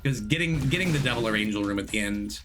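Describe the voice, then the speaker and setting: A man talks casually through his gameplay, rambling and correcting himself as he chats with viewers. He is still recovering from an illness. Game music plays clearly under his voice. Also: lowish voice, animated, fast talker. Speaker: streamer.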